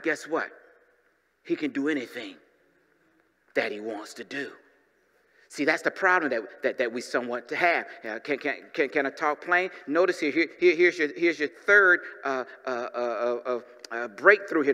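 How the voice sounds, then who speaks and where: Bright-voiced lively preacher in a reverberant church. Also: male voice, high voice. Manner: lively preacher with humorous asides and call-and-response. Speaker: pastor. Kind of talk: sermon.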